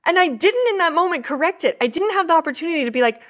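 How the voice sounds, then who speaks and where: A woman's voice: very high voice, expressive, very fast, fairly bright tone. A woman in her thirties hosting a podcast alone, telling a funny, embarrassing story in a chatty, self-deprecating way. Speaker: podcast host. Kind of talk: casual storytelling.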